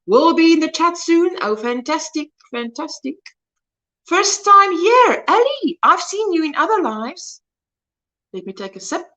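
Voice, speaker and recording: High, lively woman. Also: measured pace. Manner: warmly greets viewers by name, reading the chat aloud. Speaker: crochet livestream host. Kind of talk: casual livestream chat.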